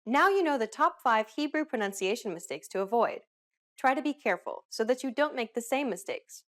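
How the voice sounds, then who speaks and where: Lively woman teaching pronunciation. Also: fairly high pitch, brisk. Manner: upbeat, clearly enunciated instruction. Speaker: language teacher host. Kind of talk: scripted lesson narration.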